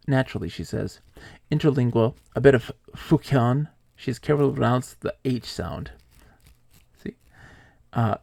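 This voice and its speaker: Gravelly male streamer, close dry mic. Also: mid-range voice, no echo. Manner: rambling, animated storytelling with laughs and fillers. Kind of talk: live-stream playthrough of a text adventure, reading aloud and chatting.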